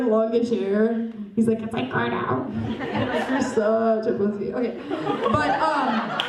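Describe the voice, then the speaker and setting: A young woman with a high-pitched voice does stand-up comedy on a club stage, rambling, mocking herself and talking with the audience. The audio is very noisy, with roomy club sound recorded from a distance.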